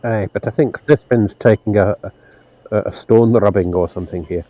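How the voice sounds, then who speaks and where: A man's voice: fairly low pitch, normal speed. A man playing a tabletop game, talking playfully in character and teasing the others. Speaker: player. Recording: slightly dull, lo-fi audio.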